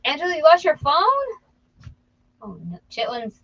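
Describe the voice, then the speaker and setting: A woman's voice: sits high, expressive, moderate pace, gravelly, highs cut off. A woman co-hosting a reseller channel, chatting and joking casually while working.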